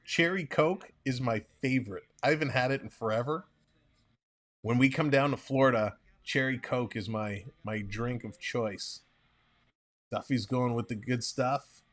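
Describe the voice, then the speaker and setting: A man calling a ball game play-by-play on a live stream, chatting and reading viewer comments between pitches. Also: a little slow, a bit bright. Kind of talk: casual play-by-play with chat reading.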